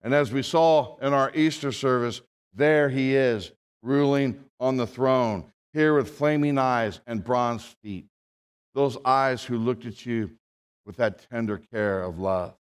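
A man's voice: medium pitch, clean tone. Preaching man in a reverberant church. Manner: dramatic preaching, swings from hushed to loud. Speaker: pastor. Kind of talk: sermon. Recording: long hall reverb.

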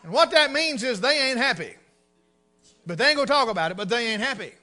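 A middle-aged man, preaching a humorous sermon in a folksy storytelling way, swinging between loud and hushed. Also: very high voice, animated, fast talker, faint music behind.

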